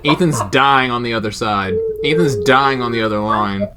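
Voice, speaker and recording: A man's voice: medium pitch, normal speed, background noise. A young man hosting a casual podcast, full of crude jokes and banter. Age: young adult. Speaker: podcast host.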